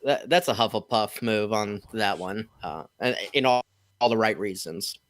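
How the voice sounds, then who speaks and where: A man co-hosting a casual podcast chat, talking in a lively way and trailing off mid-thought. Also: fairly low pitch, moderate pace, dry recording, studio quality. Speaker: podcast co-host.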